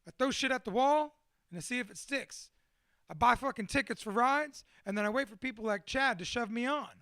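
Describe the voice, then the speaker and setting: A man's voice: extremely high pitch, brisk, bright, forceful tone, no echo, studio quality. A man in his thirties, a motivational speaker, rambling profanely and self-deprecatingly through a candid personal monologue.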